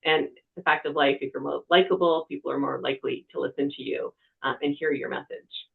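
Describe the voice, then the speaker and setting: Conversational TV reporter, mid-pitch, tinny webinar audio, quiet room. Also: steady tone, a little fast, creaky. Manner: conversational, talks with hands. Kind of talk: practical media-training talk.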